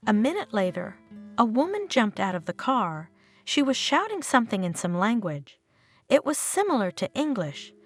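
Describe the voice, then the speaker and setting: A woman reading a dramatic story as narrator, with soft guitar music playing under her. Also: mid-range voice. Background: faint guitar music.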